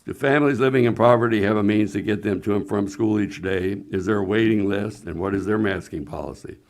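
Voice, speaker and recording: A man on a school board reading a prepared statement in a measured, formal way at a public meeting. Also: on the low side, darkish tone. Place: meeting room.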